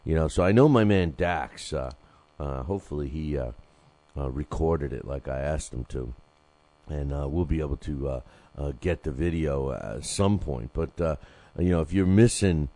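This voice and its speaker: A man's voice: very deep voice, normal speed, mellow, no echo. An older man hosting a boxing podcast, rambling loosely through sponsor reads with jokes and lots of fillers. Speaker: podcast host reading sponsor ads. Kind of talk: casual boxing podcast talk.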